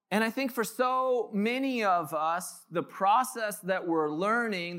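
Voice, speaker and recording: In a church sanctuary, a pastor in his thirties tells joking, casual stories as part of a conversational sermon. His voice is high with a fairly bright tone.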